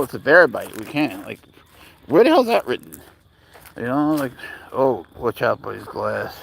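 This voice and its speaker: A man with a gravelly, creaky voice talks off the cuff on a live stream while outdoors in a park. He rambles bluntly and swears freely, answering viewers' messages as he goes. His pitch sits in an ordinary middle range. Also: fairly bright tone. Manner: answers chat messages aloud. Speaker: livestreamer walking his cat. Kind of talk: casual livestream chat.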